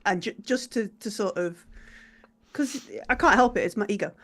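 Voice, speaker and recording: A woman's voice: mid-range voice, normal speed, a bit bright. A woman playing a tabletop role-playing game, chatting casually and swearing loosely. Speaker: player.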